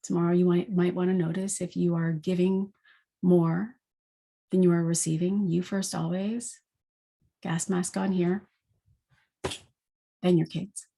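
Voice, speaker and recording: A woman with a somewhat low voice talks through a spiritual energy forecast. Her delivery is reflective and unscripted, full of rhetorical questions. She often fills her phrasing with "like". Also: little pitch movement, unhurried, creaky, long pauses, dark tone. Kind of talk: spiritual daily forecast monologue.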